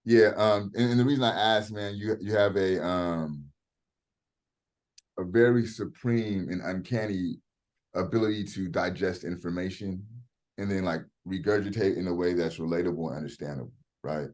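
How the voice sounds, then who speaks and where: A man's voice: deep voice, moderate pace, darkish tone. A middle-aged man teaching a class over a video call, talking in a casual, direct way and swearing freely. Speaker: professor. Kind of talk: online class lecture.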